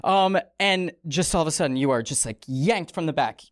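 A woman hosting a comedy podcast in a studio, with a raspy, strained throat, telling a story in a playful, rambling way full of asides. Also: deep voice, expressive, brisk, dry recording. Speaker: podcast host.

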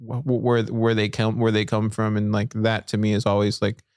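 A man's voice: lowish voice, completely flat delivery, moderate pace, darkish tone, no echo, clean studio sound. A man hosting a casual podcast, easygoing and encouraging, talking loosely with many fillers. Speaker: podcast host.

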